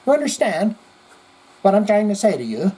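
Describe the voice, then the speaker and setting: Man, podcast host, husky voice, slightly high, animated, profane, rambling chat. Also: moderate pace. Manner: animated, swings between loud outbursts and mutters. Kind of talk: casual live-chat commentary.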